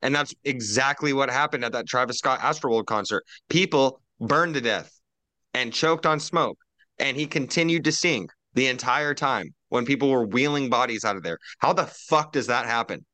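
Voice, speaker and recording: Bright-voiced man ranting profanely. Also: mid-range voice, moderate pace, no room sound. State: drinking while talking. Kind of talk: casual roundtable chat.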